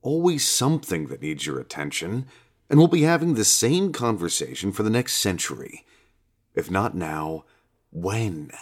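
A man's voice: deep voice, moderate pace, breathy edge, heavily acted. A man reading a laid-back swearing God. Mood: coaxing. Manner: relaxed, coaxing, swears freely. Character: laid-back, foul-mouthed male God, casual bro. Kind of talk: audiobook character reading.

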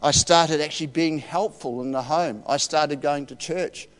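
A man's voice: on the high side, moderate pace, clean tone. A man, giving a heartfelt, emotional personal testimony as a preacher in a church. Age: 60s. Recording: reverberant church hall.

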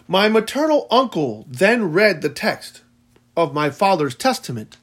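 A man narrating a first-person audiobook in a measured, solemn way. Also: sits high, big pitch swings, a bit bright, breathy edge.

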